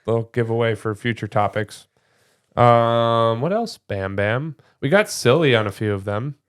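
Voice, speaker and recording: Midwestern male co-host, clear resonant voice, playful banter. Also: medium pitch. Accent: Midwestern American. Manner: playful, joking, quick to laugh. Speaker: podcast co-host. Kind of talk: casual chat.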